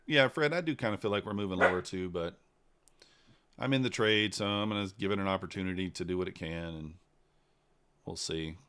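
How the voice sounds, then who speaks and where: A man giving casual live commentary while trading, thinking out loud in an unhurried, low-key way. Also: very noisy. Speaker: livestreaming futures trader.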